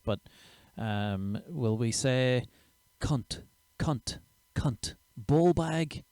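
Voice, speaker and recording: A man's voice: fairly low pitch, a little mellow, no echo. A man, a comedian chatting casually and sweary on his own livestream show. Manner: chatty, sweary, self-mocking. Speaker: comedian and podcast host.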